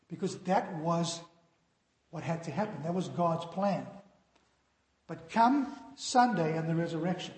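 A man preaching a sermon earnestly, his voice sinking solemn on warnings, in a church hall. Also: sits high. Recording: echoey hall.

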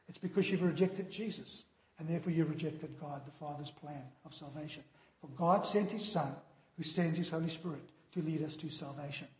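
A man preaching a sermon earnestly, his voice sinking solemn on warnings, in a church hall. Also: fairly high pitch. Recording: echoey hall.

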